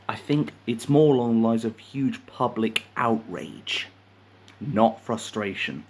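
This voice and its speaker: A man reading news articles aloud and ranting about them in profane, indignant commentary, jumping from loud outbursts to muttered asides. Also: lowish voice, lively intonation, measured pace, slightly rough. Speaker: commentary channel host.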